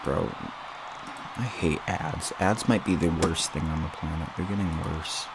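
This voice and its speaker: A man's voice: very deep voice, measured pace, very noisy. Giggly young man chatting on stream. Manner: giggly, rambling, self-mocking, repeats words. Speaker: livestream host. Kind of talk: casual livestream chat. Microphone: boom arm mic.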